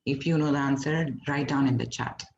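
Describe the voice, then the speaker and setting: Speaking a little fast with vocal fry and fairly even intonation, a medium-pitched man from India leads an online French lesson. He walks students through it patiently and tests them; the roomy, dull lo-fi audio carries slight background noise.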